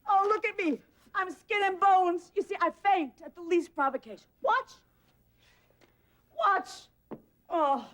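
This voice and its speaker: A woman's voice: extremely high pitch, lively intonation, unhurried, pauses often, fairly bright tone, exaggerated voice. An actress playing a pushy, melodramatic woman who pesters a bank official with theatrical, wailing insistence. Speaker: petitioner. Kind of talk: film acting.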